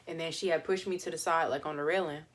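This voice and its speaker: A woman's voice: low-pitched, steady tone, fast talker. A young woman vlogger telling a story in a chatty, casual way, with lots of fillers and laughs.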